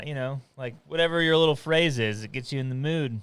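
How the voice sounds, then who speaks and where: A man co-hosting a casual talk show, telling an animated story full of quick asides. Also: mid-range voice, background noise. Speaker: podcast co-host. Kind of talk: casual chat.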